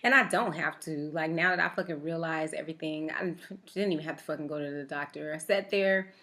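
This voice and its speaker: A woman vlogger with a slightly low voice, telling a story casually and fast. She jokes often and swears freely. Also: pushed and bright. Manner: profane, joking, fast-talking.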